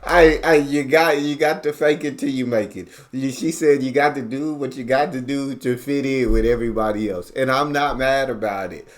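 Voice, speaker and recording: A man's voice: mid-range voice, moderate pace, hardly any pauses, some chatter behind. Chatty American man reacting to a comedy clip. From United States. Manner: chatty, laughs along, emphatic interjections. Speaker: reaction video host. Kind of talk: casual reaction commentary.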